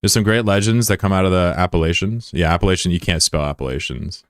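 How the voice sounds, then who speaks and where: A man's voice: deep voice, fast, dry recording, clean studio sound. A man streaming live in casual chat, joking and swearing as he reads out viewer comments. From United States. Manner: joking, profane, rambling asides.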